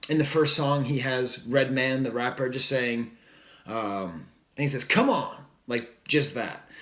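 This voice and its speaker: A man's voice: medium pitch, a bit bright. Chatty man reviewing records, roomy sound. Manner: rambling, filler-heavy, enthusiastic, jokey asides. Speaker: music reviewer. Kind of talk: casual record review monologue.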